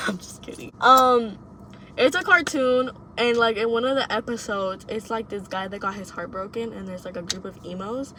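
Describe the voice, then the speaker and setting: Bright-voiced young woman, blunt and profane. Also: a little high, moderate pace, slight background noise. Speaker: vlogger giving advice. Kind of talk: casual monologue to camera.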